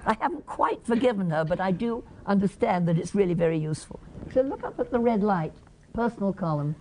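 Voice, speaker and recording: A woman's voice: medium pitch, lively intonation, brisk, dark tone, a little hiss or hum. A woman with an English accent giving a conference lecture, quizzing the audience and acting out short examples. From England. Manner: questions the audience and acts out examples. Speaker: conference presenter.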